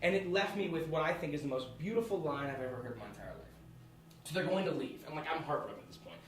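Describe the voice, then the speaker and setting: A man's voice: on the high side, animated, fast talker, crowd noise. A young man in his twenties telling a personal story live on a theatre stage, laughing through it and restarting sentences as he goes. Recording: echoey hall from far off, noisy.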